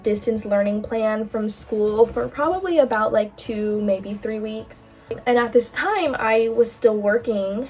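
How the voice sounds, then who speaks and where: A woman's voice: a little high, a little mellow, recorded from a distance. A young woman in her late teens telling a personal story in a candid, chatty way, full of fillers and casual swearing. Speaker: bracelet-making vlogger. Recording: voice a bit off-mic, faint music behind.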